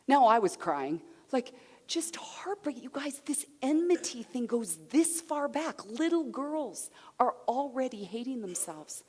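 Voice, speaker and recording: A woman giving a conference talk to men, lively and acting out the people she quotes. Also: high voice, a little slow, hardly any pauses, husky. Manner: animated, acts out quoted voices. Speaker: seminar speaker. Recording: long hall reverb.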